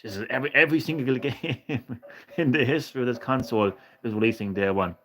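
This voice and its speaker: A man's voice: medium pitch, expressive, brisk, fairly bright tone. A man streaming a retro game, chatting with viewers in a sweary, ranting way. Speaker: gaming streamer. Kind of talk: casual live-stream chat.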